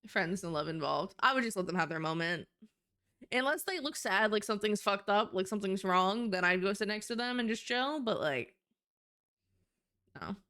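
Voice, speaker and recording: A woman's voice: mid-range voice, expressive, normal speed, a bit bright, clean tone. A young woman streamer in casual live-stream chat, rambling with lots of fillers and casual swearing.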